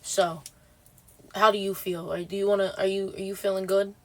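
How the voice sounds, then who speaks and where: A woman livestreaming in casual chat, sounding exhausted and talking bluntly with lots of swearing and halting restarts. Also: mid-range voice, little pitch movement, a bit bright.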